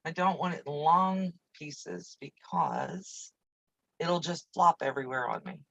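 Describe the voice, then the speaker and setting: A woman's voice: deep voice, takes it slowly, gravelly, a bit bright, no echo, poor audio. A woman hosting a casual live quilting stream from her home sewing room, chatting in a rambling way with easy asides while she works, picked up by a camera on a video-call setup. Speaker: quilting channel host.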